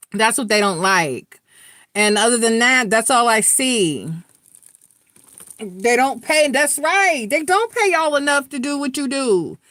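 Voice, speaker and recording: A woman's voice: a little high, a bit bright, no echo, studio quality. A middle-aged woman giving a live tarot reading, talking frankly and earnestly to her viewers and swearing freely. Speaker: tarot reader.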